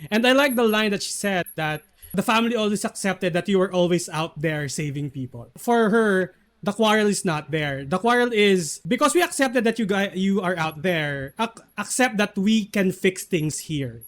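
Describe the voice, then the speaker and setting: A man's voice: sits high, expressive, normal speed, fairly bright tone. A man, co-hosting a casual recap chat, rambling with many fillers and restarts. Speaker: podcast co-host.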